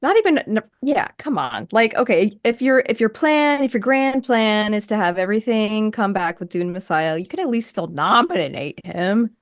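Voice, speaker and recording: A woman's voice: mid-range voice, expressive, moderate pace, few pauses, no echo, studio quality. Emphatic woman on a podcast. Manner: enthusiastic, emphatic. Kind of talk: casual chat.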